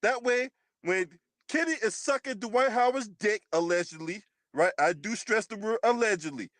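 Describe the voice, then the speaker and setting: A man's voice: very high voice, moderate pace, a bit bright, dry recording, clean studio sound. A man hosting his own channel who reads out a news story and comments on it, mocking the people in it, swearing freely and often laughing.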